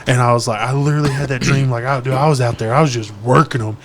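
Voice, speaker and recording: A man's voice: mid-range voice, fast, a little hiss or hum. A man in casual podcast chat, telling profane stories and acting out the quotes. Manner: profane, animated storytelling with acted-out quotes.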